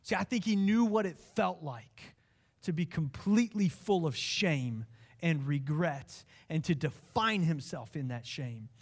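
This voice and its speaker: A man preaching a sermon as pastor, impassioned, swinging from hushed lines to pleading ones. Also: high-pitched.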